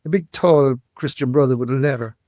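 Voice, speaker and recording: A man, telling life stories as a podcast guest, animated and repeating words, often tagging lines with "right?". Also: mid-range voice, a little fast, no echo. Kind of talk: storytelling interview.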